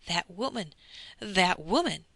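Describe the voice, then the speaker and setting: A woman's voice: medium pitch, moderate pace, gravelly, a bit bright, no echo, pitched above the performer's own voice. A woman voicing an anxious, devoted male servant, speaking with urgent agitation. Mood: alarmed.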